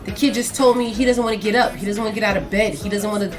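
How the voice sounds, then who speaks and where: A woman co-hosting a casual chat, telling a story in an animated, emphatic way that swings between loud and soft. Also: medium pitch, very fast, over music. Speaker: podcast co-host; teacher.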